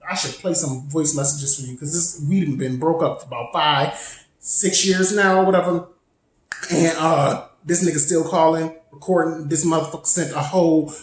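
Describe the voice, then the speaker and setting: Rambling storytelling woman in an echoey room. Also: medium pitch. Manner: animated, profane, rambling with side tangents. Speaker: vlogger telling a personal story. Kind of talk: casual storytime.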